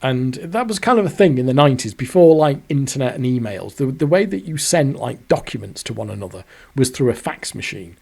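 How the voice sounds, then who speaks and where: Gravelly sweary storyteller. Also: male voice, mid-range voice, expressive, fairly quick, a little mellow. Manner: rambling, sweary, self-deprecating. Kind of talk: casual storytelling monologue.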